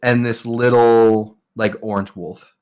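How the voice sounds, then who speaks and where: A man's voice: mid-range voice, level tone, takes it slowly, darkish tone, smooth. A man narrating a tabletop game as game master in a loose, rambling way. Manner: loose, rambling, filler-heavy.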